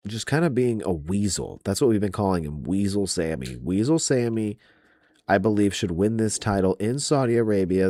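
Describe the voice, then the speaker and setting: A man's voice: on the low side, darkish tone, no room sound. A man hosting a wrestling podcast, ranting about match predictions in a profane, exasperated way.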